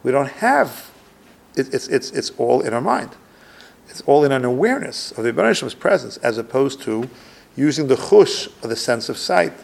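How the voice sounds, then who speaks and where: Gravelly, animated male religious teacher. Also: medium pitch, moderate pace. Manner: reads Hebrew lines and translates each; thinks aloud with restarts. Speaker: rabbi teaching a class. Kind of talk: religious lecture with text reading.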